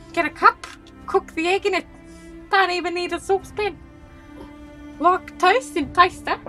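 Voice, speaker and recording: A woman's voice: high-pitched, a little mellow, voice pushed up. A woman reading a friend's message aloud in an exaggerated put-on New Zealand accent, squealing and over the top. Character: excitable woman in mock Kiwi accent.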